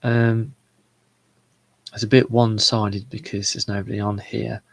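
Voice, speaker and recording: Rambling low-voiced man. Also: little pitch movement, vocal fry, rough recording. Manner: rambling, halting, many fillers and restarts. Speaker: show host. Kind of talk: solo live chat about comedy shows.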